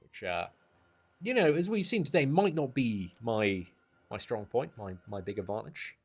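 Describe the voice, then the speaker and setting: A man's voice: medium pitch, expressive, moderate pace, slightly rough, faint music behind. A man casually commenting on a game he is playing live, chatty and self-deprecating. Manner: chatty, self-deprecating, says mate and dude a lot. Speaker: game streamer.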